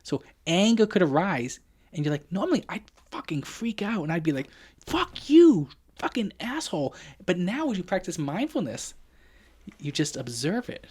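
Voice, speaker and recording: A man's voice: high-pitched, sing-song, normal speed, breathy edge. A man, a physician guest on a podcast, explaining ideas casually and frankly, sometimes swearing. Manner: frank, explanatory, swears when quoting himself.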